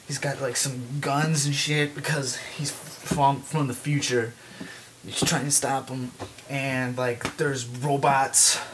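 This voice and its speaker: A young man rambling through a movie pitch, full of "like" and restarts, now and then breaking into silly voices. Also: noisy background. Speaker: vlogger pitching a movie idea. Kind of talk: rambling comic monologue.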